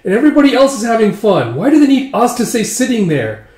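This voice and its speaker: A man's voice: very high voice, sing-song, fast, a little mellow, reverberant, pitched above the performer's own voice. A man voicing a bored, whiny young bride who complains and pleads with her mother.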